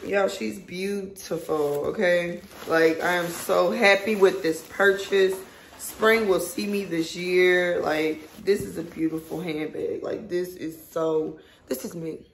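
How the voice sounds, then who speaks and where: A woman vlogger, chatting excitedly to her viewers as she unboxes a purchase. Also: lowish voice, slow pace, roomy sound, slight background noise. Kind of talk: casual unboxing chat.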